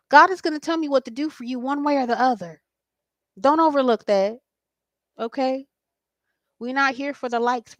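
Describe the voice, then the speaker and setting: A slightly high-voiced woman, recorded dry, gives a relaxed psychic tarot reading to camera. She's blunt yet reassuring, swears casually, and habitually asks "okay?" and says "I feel like."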